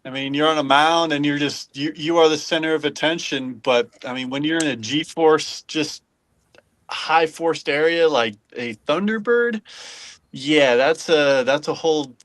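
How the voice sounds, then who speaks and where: A man co-hosting a casual talk show, rambling and halting, laughing between phrases. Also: fairly high pitch, a bit bright, dry recording. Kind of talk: casual radio chat.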